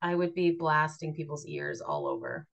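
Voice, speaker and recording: A middle-aged woman co-hosts a podcast from home, talking candidly and swearing freely. Her pitch swings widely as she tells stories and laughs. She is recorded on a computer mic that sits some way from her mouth. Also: moderate pace, dull audio. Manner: animated, swearing, laughs often. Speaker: podcast co-host. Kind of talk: candid casual chat. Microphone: home computer mic, not close to mouth.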